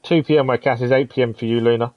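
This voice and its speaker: A man's voice: medium pitch, steady tone, quick pace, dull audio. A man hosting a live gaming stream, chatting casually with viewers and commenting on the game. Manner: chatty, friendly, reads chat aloud, says "to be fair" often.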